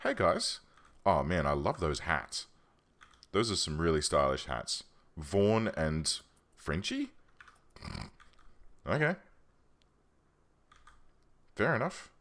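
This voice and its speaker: Low-voiced, lively gaming commentator man. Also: slow, long pauses. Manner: chatty, thinking aloud, self-correcting. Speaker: let's play host. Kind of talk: casual game commentary. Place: home room.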